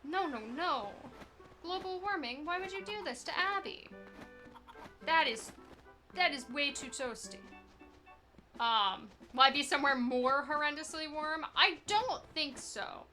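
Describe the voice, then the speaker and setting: A woman's voice: high voice, lively intonation, a little slow, bright, forceful tone, soft background music. A woman streaming a speedrun, chatting loosely and answering chat as she plays, self-deprecating and giggly. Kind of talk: casual live gameplay commentary.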